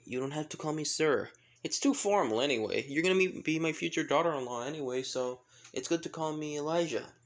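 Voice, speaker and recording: A man voicing a playful father figure who gently teases, in a fan-made story retelling. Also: fairly high pitch, a little fast, hardly any pauses, pitched above the performer's own voice, lightly acted. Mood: teasing. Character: teasing fatherly man, jokes about grandchildren.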